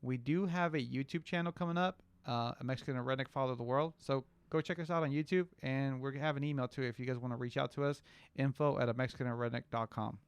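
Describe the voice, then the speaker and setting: A man's voice: medium pitch, steady tone, fast talker, smooth, no echo. A man co-hosting a casual podcast and talking as a father, rambling and often restarting his sentences. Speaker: podcast co-host; father of a young daughter.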